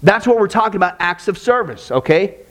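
A man's voice: high voice, expressive, brisk, fairly bright tone. A man preaching a sermon in an emphatic, conversational way, often stopping to say "listen" or "okay?". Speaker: pastor.

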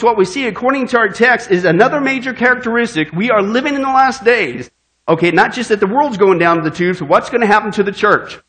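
A man's voice: sits high, a bit bright. A male pastor preaching a sermon, cracking jokes and quizzing his congregation with call-and-response questions.

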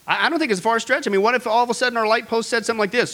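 A man preaching a sermon, excitable and direct, with many fillers and asides to his listeners. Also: very high-pitched, racing, hardly any pauses. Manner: excitable, talks straight to the audience with many fillers. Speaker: pastor.

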